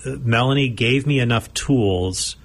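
Guy guest talking earnestly about the old days, breathy husky voice. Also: medium pitch, measured pace. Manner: reflective storytelling, earnest. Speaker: guest speaker. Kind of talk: casual chat.

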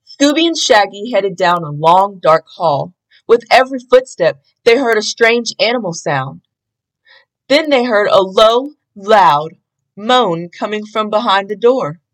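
Slow, expressive woman reading a picture book. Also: medium pitch, low-quality recording. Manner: expressive, deliberate. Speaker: storybook reader.

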